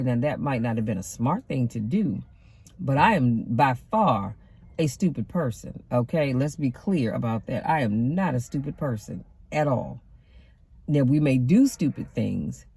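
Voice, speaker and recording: A middle-aged woman, a deacon and motivational vlogger, gives a casual pep talk from inside her car. Her voice is very deep, dark and husky, and her delivery is emphatic and conversational with a sassy, preacher-like edge.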